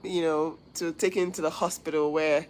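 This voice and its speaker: A woman's voice: low voice, little pitch movement, moderate pace, a little mellow, poor audio. A woman hosting a casual livestream, talking earnestly to viewers, giving advice and thanking them. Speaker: livestream host.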